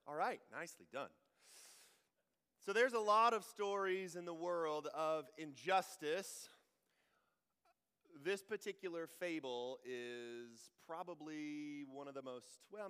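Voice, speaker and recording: Clear-voiced pastor preaching conversationally. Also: male voice, on the high side, bright, forceful tone, long reverb tail. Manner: conversational, joking asides. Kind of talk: sermon.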